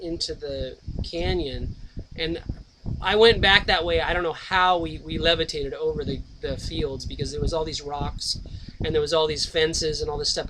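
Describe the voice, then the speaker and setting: A man's voice: a little high, background noise. A man talking straight to camera at home in a rambling, profane, topic-hopping monologue. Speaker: vlogger. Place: at home, indoors.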